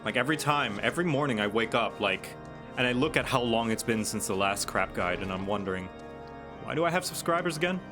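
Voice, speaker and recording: A man's voice: fairly low pitch, a little fast. A man streaming a video game, chatting casually and joking offhandedly. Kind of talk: casual live commentary. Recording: game music under voice. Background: video game music.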